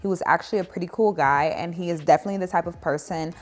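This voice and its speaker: A young woman spins a casual storytime in a slightly low voice, animated and sarcastic. She leans into emphatic asides as she talks to her viewers. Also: very fast. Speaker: vlogger telling a dating story.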